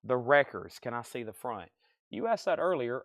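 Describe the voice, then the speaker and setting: A man running a live record sale stream, rattling off titles, buyers and prices in a brisk, upbeat patter, with a noticeable accent of his own. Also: medium pitch, a bit bright, dry recording. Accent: regional accent he mentions himself. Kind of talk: live sales stream, reading out items and buyers.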